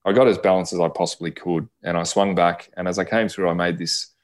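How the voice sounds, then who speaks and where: Guest storyteller: Australian man, low voice, acts out quoted dialogue. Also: fairly even intonation, brisk. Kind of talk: personal storytelling in a podcast interview.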